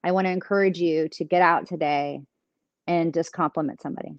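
A woman co-hosting a podcast, encouraging listeners in a warm, affirming way. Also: on the low side, fairly even intonation, fairly quick, dry recording, lo-fi sound. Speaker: podcast co-host. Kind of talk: casual chat.

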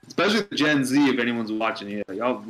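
A man's voice: medium pitch, very animated, fast talker, a bit bright, rough recording. A man rambling and stammering through casual, profane banter while watching wrestling with friends.

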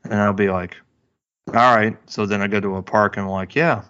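A man co-hosting a podcast in casual chat, rambling with halting restarts and cracking dad jokes. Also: lowish voice, completely flat delivery, a bit bright, muffled recording. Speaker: podcast co-host.

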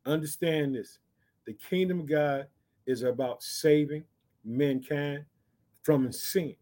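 A man preaching a sermon, reading scripture slowly and emphatically between quick, fired-up commentary that urges listeners on. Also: on the high side, mellow. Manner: exhorting, repeats catchphrases.

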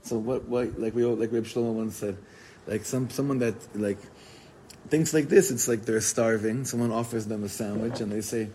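A man giving an informal, animated Torah class, telling stories and mixing in Hebrew and Yiddish words. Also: medium pitch, a little fast, a little hiss or hum, poor audio. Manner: animated storytelling, code-switching with Hebrew and Yiddish terms.

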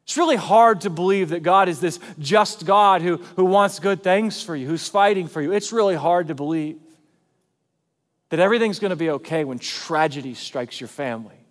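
A man's voice: high-pitched, moderate pace, in a large hall. A male pastor preaching a sermon in a church, talking conversationally and then pressing hard on key points. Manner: conversational, emphatic preaching with big swings in loudness.

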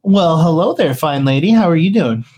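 A woman playing a chilled-out male elf minstrel who greets strangers with easy, courteous charm. The voice sits fairly low for a woman. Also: animated, normal speed, mellow, dull audio. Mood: friendly. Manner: friendly, courteous, easygoing. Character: relaxed male whisper elf lute player.

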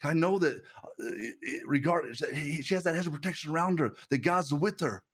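A man's voice: a little high, expressive, a little fast, breathy edge. Chatty pastor man, frequent restarts. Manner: conversational, repeats words often, tells personal stories. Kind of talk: sermon.

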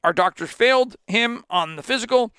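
A man doing a deliberately poor impression of a defensive older male football coach who blames others in a blunt, self-justifying way. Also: high voice, very animated, sharp tone, clear, resonant tone, no room sound, studio quality, full character voice. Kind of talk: mock impression read aloud.

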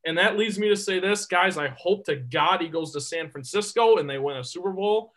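A man's voice: high voice, a little fast, fairly bright tone, poor audio. A man co-hosting a sports podcast, talking casually and emphatically, often repeating words as he gets going. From Detroit area. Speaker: podcast co-host.

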